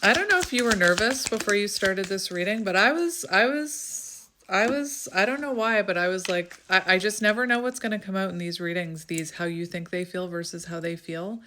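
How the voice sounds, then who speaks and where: A woman doing a casual tarot reading to camera, chatty and thinking aloud as she draws cards, with frequent laughs and bursts of excitement. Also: medium pitch, moderate pace, hardly any pauses, slight background noise. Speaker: tarot reader.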